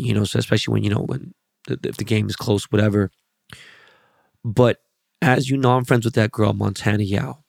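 A man's voice: on the low side, vocal fry, darkish tone, no room sound, studio quality. A man hosting a podcast, telling rambling, profanity-laced stories in a loose, casual monologue. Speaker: podcast host.

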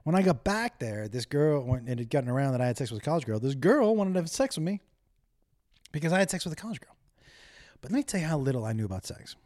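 Quick and sing-song, with a high-leaning voice and a darkish tone, this solo podcast host tells crude stories at his own expense. His monologue is loose and rambling, forever drifting from the subject.

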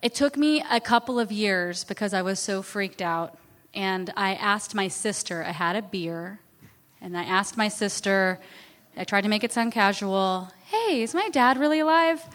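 A woman's voice: medium pitch, a little slow, a bit bright, big-room sound. A woman guest in an interview, candidly telling a personal story in a chatty, self-deprecating way.

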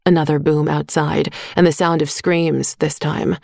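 Woman reading a story, lowish voice, dead dry studio sound. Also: level tone, a little slow, creaky, few pauses, darkish tone, dry recording. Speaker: audiobook narrator. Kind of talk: scripted narration.

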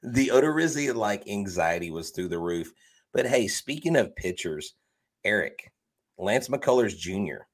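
A man with a low-pitched voice co-hosts a sports podcast in loose, casual chat. He talks in an animated way, teasing his partner and laughing often. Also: a little slow. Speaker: podcast co-host.

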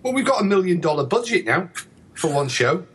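A man's voice: high voice, very animated, a little fast, fairly bright tone, slight background noise. A man hosting a podcast in casual banter, playful and teasing with his co-hosts. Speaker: podcast host.

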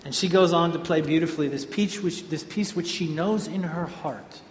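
A man's voice: a little high, moderate pace, slight background noise. A man giving an informal devotional talk to a group, a rambling storyteller who often restarts and corrects himself. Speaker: speaker addressing a group. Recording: echoey hall with faint ambience.

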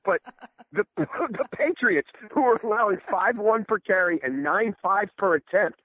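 A man giving casual sports podcast banter as a football analyst, teasing and quick to jump in. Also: high-pitched, expressive, bright, forceful tone, breathy edge, no echo. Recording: tinny phone-like line.

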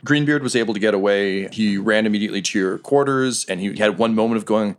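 Man narrating as game master, lowish voice. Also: fast. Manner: lively storytelling with laughs and filler words.

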